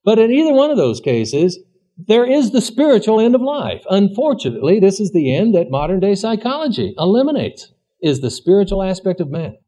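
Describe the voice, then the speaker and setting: A man's voice: sits high, very animated, brisk, warm tone. A man giving an earnest, plainspoken sermon-style teaching, asking rhetorical questions as he goes. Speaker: preacher. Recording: dull lo-fi recording.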